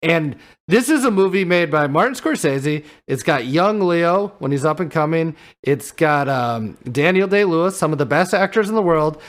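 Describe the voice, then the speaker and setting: An animated man co-hosting a chatty movie podcast, his slightly high voice swinging up and down as he riffs. He jokes and laughs easily with his friends. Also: moderate pace, few pauses. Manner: animated, laughing, jokey banter. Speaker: podcast co-host. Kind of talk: casual chat.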